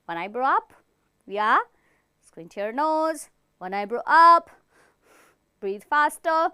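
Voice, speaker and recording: An Indian woman who teaches theatre leads an online acting class, laying out step-by-step instructions and praising her students often. Her high voice is animated, slow, sharp-toned, and smooth, captured in clean studio sound with no room sound. She's encouraging and demonstrates expressions with big acted lines.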